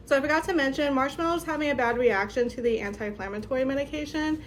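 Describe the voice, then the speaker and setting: Young woman, vlogger, chatty storytime, fairly high voice, faint hiss behind. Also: fast talker, hardly any pauses. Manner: chatty, lots of "like", animated retelling. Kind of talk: casual storytime vlog.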